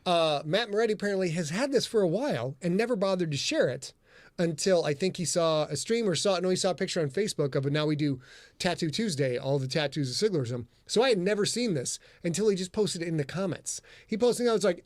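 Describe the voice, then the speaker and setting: Jokey high-voiced man hosting a podcast. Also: expressive, quick pace, no room sound. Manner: jokey, flustered, rambling with restarts. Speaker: podcast host and author. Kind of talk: casual chat.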